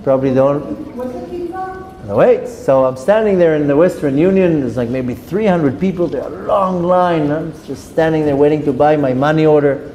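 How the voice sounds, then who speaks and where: Man, storyteller, animated, acts out dialogue, mellow tone, long hall reverb, faint background noise. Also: a little high, normal speed. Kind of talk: personal storytelling to an audience.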